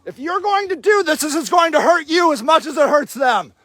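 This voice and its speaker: A man livestreaming from an outdoor camp in the snow, shouting angry and sarcastic reproaches at people in front of him while filming on his phone. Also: very high voice, expressive, a little fast, dry recording. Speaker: activist filming a camp sweep. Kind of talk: livestreamed street confrontation.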